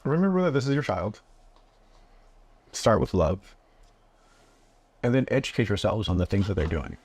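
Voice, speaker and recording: A man being interviewed, answering in a calm and earnest way. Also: lowish voice, moderate pace, slightly rough. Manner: calm, earnest, acts out parent-child dialogue. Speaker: guest. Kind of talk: casual interview.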